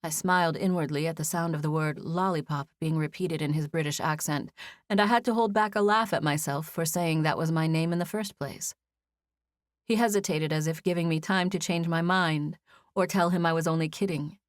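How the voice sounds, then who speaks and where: Low-voiced woman narrating an audiobook. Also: steady tone, brisk, dry recording, clean studio sound. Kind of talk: scripted first-person audiobook narration.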